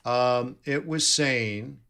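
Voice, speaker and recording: A man's voice: medium pitch, extremely slow, pushed and bright, clean tone. A man giving live trading commentary, thinking aloud and correcting himself as he reads numbers off charts. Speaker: forex trading streamer.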